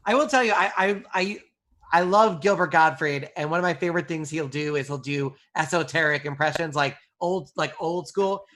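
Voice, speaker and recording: Enthusiastic male comedian, slightly high voice. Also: moderate pace, fairly bright tone. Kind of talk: casual chat.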